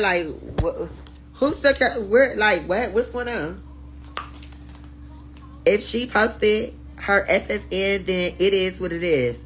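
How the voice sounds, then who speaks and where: Slow-talking woman streamer, giggly and profane. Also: mid-range voice, animated. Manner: laughs often, swears freely, teasing and loud. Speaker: live-stream host. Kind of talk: casual live-stream chat reacting to viewers.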